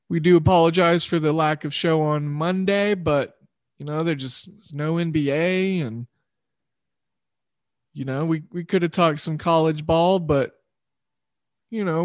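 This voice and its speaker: A man's voice: fairly high pitch, no echo, studio quality. A man hosting a sports betting show, rambling loosely through picks and correcting himself as he goes. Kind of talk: casual sports betting talk.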